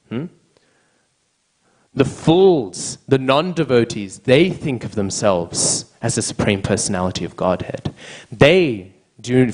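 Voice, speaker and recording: Aussie guy giving a scripture class, fairly low voice, keeps going "hmm?" after each bit. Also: rough recording. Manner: tags nearly every phrase with a questioning "hmm?".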